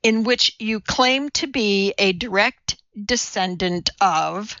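A woman reading a brisk, confident TV cook. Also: mid-range voice, sharp tone, dry recording, highs cut off. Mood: gentle. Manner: firm, matter-of-fact. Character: confident, brisk woman TV cooking host and mother.

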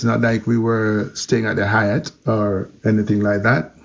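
A man recounts his story with animated energy and a gravelly edge to his voice, and it comes through a little dull and muffled. His pitch sits in an ordinary middle range. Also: unhurried, hardly any pauses. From Jamaica. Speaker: interview guest. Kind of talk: storytelling interview.

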